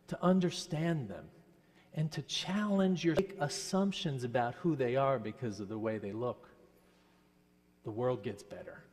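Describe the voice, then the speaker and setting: A man from New Jersey leads a children's story in a worship service. He has a mid-pitched voice and asks the children simple questions in a gentle, teacherly tone. His voice carries a long, echoing church reverb. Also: a little slow. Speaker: minister. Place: church sanctuary.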